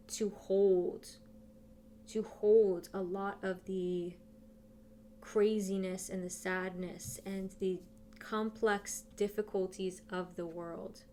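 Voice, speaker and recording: A woman's voice: medium pitch, a little mellow, a little hiss or hum. A woman giving a casual tarot reading who talks straight to her viewers and thinks aloud as she turns the cards. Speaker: tarot reader.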